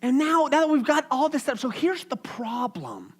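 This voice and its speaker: A young pastor delivers his sermon with an unusually high-pitched voice. He preaches in a casual, animated way, as if talking with the congregation. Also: moderate pace.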